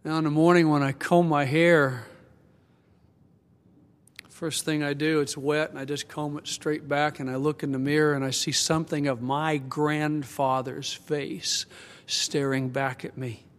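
An older man preaching a sermon, reflective and earnest, slowing and softening at tender moments. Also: on the high side, little pitch movement. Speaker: pastor. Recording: long hall reverb.

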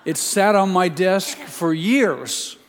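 A man's voice: sits high, animated, slow. An older man, a pastor, preaching a sermon in a homespun, teasing way, telling family stories to a congregation. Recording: long hall reverb.

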